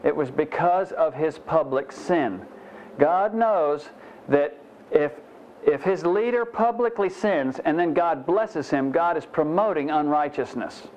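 A man's voice: fairly high pitch, lively intonation, measured pace, a little mellow, slight background noise. A man preaching a conversational Bible teaching sermon, folksy and self-deprecating, with frequent "you know" asides. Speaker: pastor. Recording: muffled lo-fi sermon recording.

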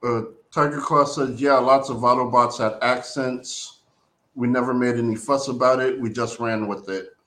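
A man reading viewer chat aloud on a talk show, deadpan. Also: medium pitch, normal speed. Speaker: chat moderator. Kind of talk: casual chat.

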